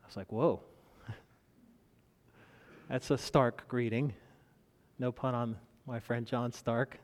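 A man preaching a sermon, measured, with dramatic pauses and rising emphasis. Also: medium pitch, little pitch movement. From United States. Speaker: pastor. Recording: long reverb of a large hall.

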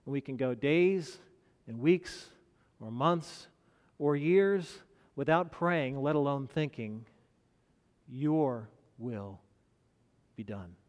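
A man with a fairly high voice delivers a sermon at an unhurried, deliberate pace. He leans into key phrases with rising emphasis and lets pauses hang. His voice carries through the long reverb of a large hall. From United States. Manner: measured preaching with dramatic pauses and rising emphasis. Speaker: pastor.

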